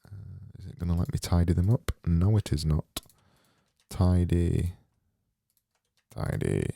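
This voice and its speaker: A man's voice: low voice, fairly even intonation, fairly quick, mellow, slightly rough, dry recording, studio quality. A man thinking aloud as he livestreams design work, rambling and muttering to himself with a self-mocking edge.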